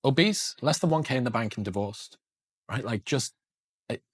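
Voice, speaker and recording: A man's voice: medium pitch, expressive, moderate pace, breathy edge, dry recording. A man in a casual podcast conversation, candid and reflective, swearing now and then.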